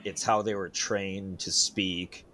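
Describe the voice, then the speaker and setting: A man's voice: sits low, level tone, slow, bright, forceful tone. A man co-hosting a podcast, bantering casually with dry, teasing jokes and swearing. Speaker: podcast co-host. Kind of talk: casual chat.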